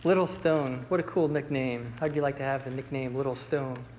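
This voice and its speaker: A man teaching a Bible study class in a relaxed, conversational way, with many fillers and restarts. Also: medium pitch, moderate pace, big-room sound, a little hiss or hum, rough recording. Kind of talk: casual Bible lesson.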